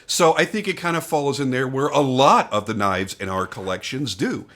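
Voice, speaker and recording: An older man with a mid-range, slightly bright voice reviews a knife casually at a normal speed. He's animated and candid, offering frank opinions off the cuff, swearing, and restarting sentences as he thinks aloud.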